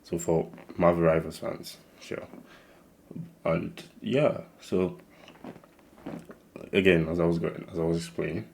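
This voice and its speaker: A man's voice: sits low, steady tone, measured pace, creaky, pauses often, a little mellow, a little hiss or hum. A young man with a Nigerian-tinged accent casually introducing his channel, rambling with many restarts and fillers. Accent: Nigerian English mixed with slight American. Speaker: channel host.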